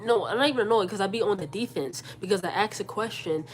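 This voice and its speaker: A young woman telling a casual storytime rant, animated and incredulous, arguing her side. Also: mid-range voice, fast, a little hiss or hum. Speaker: vlogger.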